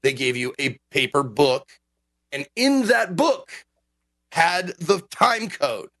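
A man with a fairly high voice rants about a game in a casual podcast chat. His pitch leaps and dips all over as he gets worked up, and he swears freely throughout. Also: slow pace, dry recording. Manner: animated ranting, frequent swearing. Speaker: game streamer.

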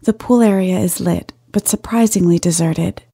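Gravelly, husky woman narrating a story. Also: on the low side, moderate pace, dark tone, dry recording, studio quality. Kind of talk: first-person story narration.

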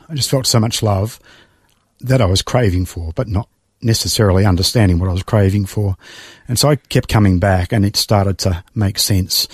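A middle-aged Australian man telling his life story in a conversation, emotional and reflective, pausing and sighing as he goes. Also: on the low side, husky, no room sound, clean studio sound. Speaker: guest. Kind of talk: personal testimony in conversation.

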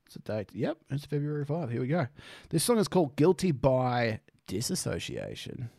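A man's voice: medium pitch, wildly swooping pitch, normal speed, vocal fry, darkish tone. A young man rambling through a casual music reaction, swearing freely and laughing often.

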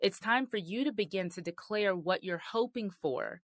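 A woman's voice: medium pitch, normal speed, no echo. Earnest woman preaching in a dry close voice. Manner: earnest, emphatic, conversational preaching. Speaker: marriage podcast host. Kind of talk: sermon-style teaching.

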